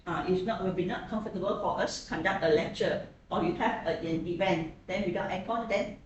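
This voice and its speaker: A woman's voice: on the low side, a little fast, lo-fi sound. A woman lecturer teaching a class, who keeps checking in with her students through frequent tag questions. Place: echoey classroom. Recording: very echoey classroom, distant mic, faint hiss.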